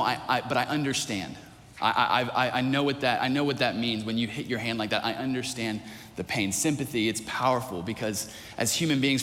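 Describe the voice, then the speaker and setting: A man's voice: mid-range voice, pushed and bright, big-room sound, a little hiss or hum. A man preaching a sermon in a church, earnest, building his points with repeated phrases and restarts. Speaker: pastor.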